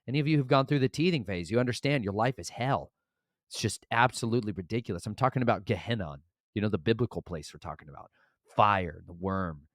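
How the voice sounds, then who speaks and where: In a studio-quality recording with no echo, a medium-pitched man in his thirties, a sleep-deprived father of twins, rambles through a casual vlog monologue punctuated by sudden loud bursts.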